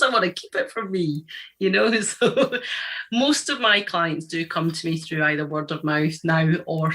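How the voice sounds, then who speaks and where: Chatty woman with a bright voice. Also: sits low. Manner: chatty, friendly, tag questions. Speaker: guest, tutoring business owner. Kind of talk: casual interview chat.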